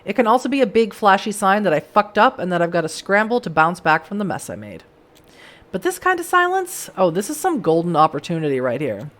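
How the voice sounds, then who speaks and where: A hoarse woman streamer reading a story game aloud and chatting along. Her pitch is lively and bouncy, and her delivery is animated and playful. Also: fast talker, few pauses. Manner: animated, laughs between lines.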